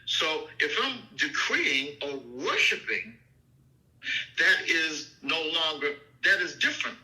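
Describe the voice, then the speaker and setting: A man's voice: on the high side, sing-song, slow, pushed and bright, rough recording. A man teaching scripture in an informal, emphatic way, often checking in with "okay?" and "you see?".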